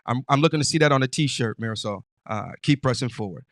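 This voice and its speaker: A man's voice: medium pitch, fast, no room sound, studio quality. Emphatic preachy man hosting a show. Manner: emphatic, preachy, stammering restarts. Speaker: host. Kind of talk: casual motivational monologue.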